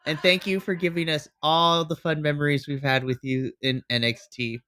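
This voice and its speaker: A man with an American accent co-hosting a podcast, recapping wrestling matches in a casual, excited way. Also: on the high side, moderate pace, clean tone. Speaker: podcast co-host.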